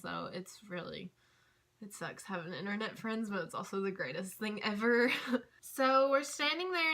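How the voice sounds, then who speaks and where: Young female vlogger, bright and crisp tone, gushing storytime chatter with frequent fillers. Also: medium pitch. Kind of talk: casual storytime chat.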